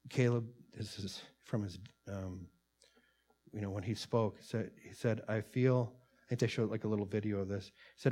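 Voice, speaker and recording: A man's voice: fairly low pitch, fairly even intonation, normal speed, mellow. A man preaching a sermon, reading an interview transcript aloud and commenting earnestly, with many fillers and restarts. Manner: earnest, rising in volume on quotes, many fillers. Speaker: pastor.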